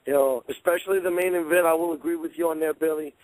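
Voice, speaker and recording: A man's voice: fairly high pitch, fairly even intonation, fast, darkish tone, dry recording, rough recording. A man giving an upbeat rating of a wrestling show as a guest on a talk radio program. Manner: enthusiastic, fillers like "you know". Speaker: guest panelist. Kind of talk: casual wrestling review on radio.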